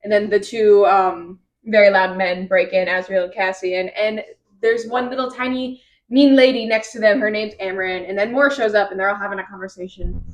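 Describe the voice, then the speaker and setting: A woman's voice: medium pitch, fairly even intonation, moderate pace, highs cut off. Chatty woman recapping a book. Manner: rambling retelling with quoted voices. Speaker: podcast host.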